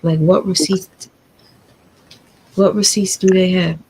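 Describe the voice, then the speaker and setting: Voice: mid-range voice, little pitch movement, slow, warm tone, breathy edge, low-quality recording. A co-host of a reaction commentary, questioning the clip skeptically.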